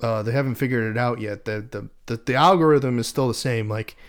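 A man chatting on a podcast in a smooth, resonant voice at an ordinary middle pitch. He hesitates often and restarts his sentences, filling the gaps with ums as he works through an explanation. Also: a little fast. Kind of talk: casual chat.

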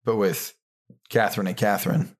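A man's voice: fairly low pitch, fairly even intonation, moderate pace. A man co-hosting a podcast in a casual chat, joking in a dry way. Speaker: podcast co-host.

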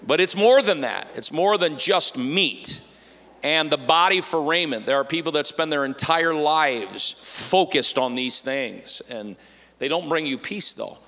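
A man preaching a lively, playful sermon to a church congregation, acting out worried voices for laughs. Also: mid-range voice, measured pace. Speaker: pastor. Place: church sanctuary. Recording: church hall with long reverb.

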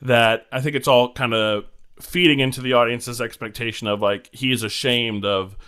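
A man in a casual film discussion, relaxed and measured, often agreeing with the others. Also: medium pitch, clear, resonant tone.

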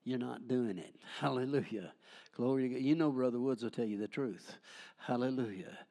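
A man's voice: mid-range voice, moderate pace, warm tone. An older man preaching a charismatic sermon, fervent and folksy, breaking into frequent hallelujahs and jokes.

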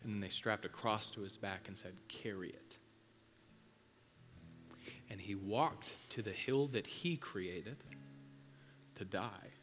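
A man preaching with a low-pitched but sharp, forceful voice. He hammers points through repetition, rising loud and then dropping to near whispers, with faint music playing beneath him. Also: a little slow. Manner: intense, repetitive emphasis, swings from loud to hushed. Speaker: pastor. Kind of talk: sermon.

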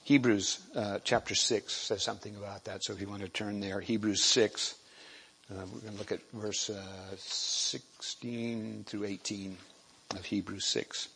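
A man giving a sermon, halting and repeating words, often clearing his throat. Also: fairly low pitch, fairly even intonation, fairly bright tone, poor audio. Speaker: lay preacher.

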